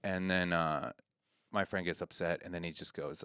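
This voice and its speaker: A man's voice: low-pitched, moderate pace, clear, resonant tone, no room sound. A man guesting on a casual podcast, telling stories and acting out the voices in them. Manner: acts out voices in anecdotes, animated. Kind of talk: casual chat, storytelling. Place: Chicago.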